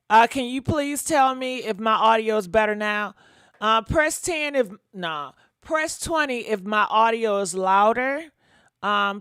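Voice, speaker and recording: A woman's voice: on the high side, a bit bright, clear, resonant tone, no echo, studio quality. A woman hosting a casual gossip livestream, talking bluntly and answering viewers' comments as they come in.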